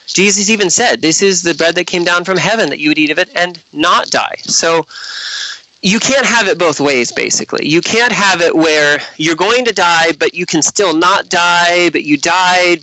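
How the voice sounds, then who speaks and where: A man's voice: fairly high pitch, bright, forceful tone, no echo, low-quality recording. A male guest author arguing his points passionately in a casual conversation. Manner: passionate, argumentative.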